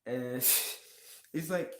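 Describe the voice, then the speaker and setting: A vlogger giving a heated, profane movie rant and talking straight to viewers, voice jumping higher when worked up. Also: very slow, a bit bright, echoey room, slight background noise. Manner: heated, swearing, pitch jumps up when worked up; talks to viewers and chat directly. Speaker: video blogger.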